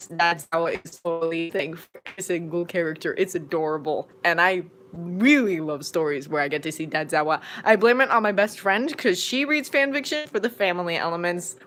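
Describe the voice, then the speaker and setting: A grown woman who narrates fanfiction audiobooks and streams chats casually from home during a live Q&A. Her fairly low voice rambles, then leaps into sudden bursts of excitement.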